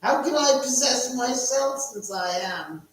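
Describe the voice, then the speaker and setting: A man's voice: very high-pitched, expressive, a little slow, fairly bright tone, a little hiss or hum, pitched above the performer's own voice, full character voice. A man voicing a ghoulish old male crypt keeper who cackles between theatrical lines. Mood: cackling. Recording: echoey room, distant mic.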